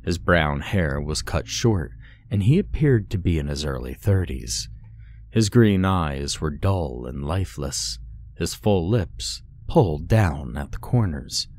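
A man reading a horror story as narrator, in a measured, dramatic storytelling manner. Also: rumbling low, lively intonation, a little mellow, a little hiss or hum.

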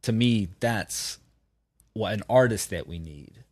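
Guest musician, deep-ish voice, dry close mic, talks in animated bursts, lots of restarts. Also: male voice, slow pace, no room sound. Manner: animated, opinionated riffing with many restarts. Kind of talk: casual podcast chat.

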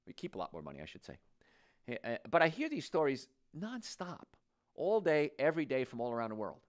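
An older man hosting a health talk show, telling stories in an animated, joking, folksy way. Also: on the high side, fairly quick.

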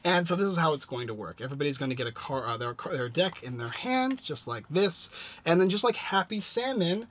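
A man casually reviewing a board game and walking through its rules, lively and playful as he demonstrates. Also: on the high side, fairly quick, a little hiss or hum.

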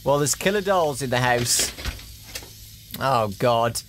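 A man's voice: medium pitch, expressive, slow pace, a bit bright, a little hiss or hum. A young man playing a horror game for viewers, talking his way through it with nervous, jumpy muttering. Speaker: gaming YouTuber. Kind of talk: horror game let's play commentary.

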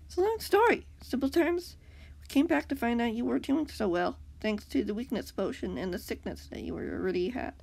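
A woman reading a gentle caring young woman. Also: on the high side, lively intonation, brisk, gravelly, no room sound. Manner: gentle and reassuring.

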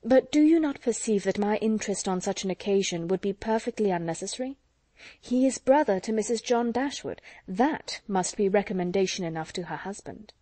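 A woman reads a composed, reserved young lady from a storybook, speaking in measured, polite tones. Her voice is mellow and sounds close and dry. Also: mid-range voice, animated, no room sound, natural voice. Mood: restrained.

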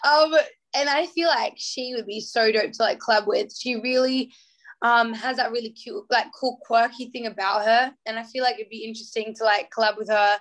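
A woman's voice: a little high, steady tone, normal speed, fairly bright tone. A young woman from Australia with an Australian accent, chatting as a singer guest in an interview, bubbly and full of fillers. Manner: bubbly, many fillers, acts out quotes. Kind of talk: casual interview chat.

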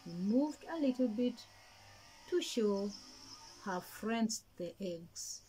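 A woman telling a story to young children in a gentle, slow, sing-song way, with lots of repetition. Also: mid-range voice, animated, a little hiss or hum, rough recording. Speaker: kindergarten storyteller.

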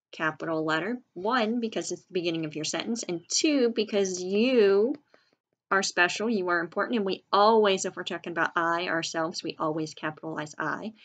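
Woman teacher, patient, spells words aloud, lowish husky voice. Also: pushed and bright, muffled recording. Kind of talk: recorded reading and spelling lesson.

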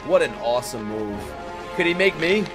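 Brief: excitable young male streamer, swears freely, voice jumps around a lot, with show music playing underneath. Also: fairly high pitch, normal speed. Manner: excitable, swearing, laughing outbursts. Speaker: anime reaction streamer. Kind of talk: live reaction commentary. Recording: show audio and music behind. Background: anime soundtrack music.

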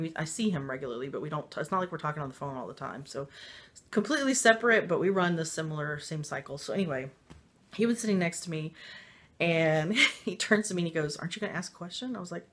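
Low-voiced woman telling a personal story. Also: fairly bright tone. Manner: rambling, with frequent fillers and laughs; emotional and confiding. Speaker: spiritual vlogger.

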